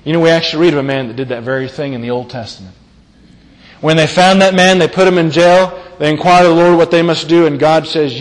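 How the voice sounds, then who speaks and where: Speaking brisk and on the high side, this man delivers a forceful sermon, returning to key phrases and asking the audience rhetorical questions. The church meeting hall gives the recording a long, large-hall reverb.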